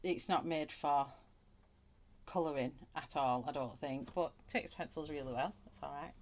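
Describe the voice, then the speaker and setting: A woman from Wigan with a low, everyday voice and a broad northern English accent. She chats casually and rambles while colouring on a live stream, greeting viewers by name between thoughts. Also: moderate pace. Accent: Wigan, Lancashire. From England. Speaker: colouring channel host.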